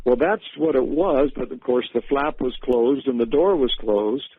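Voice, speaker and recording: A man recounting a vision on a radio show in an unhurried way, with many fillers and restarts, heard over a tinny phone-like line. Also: mid-range voice, breathy edge, no room sound.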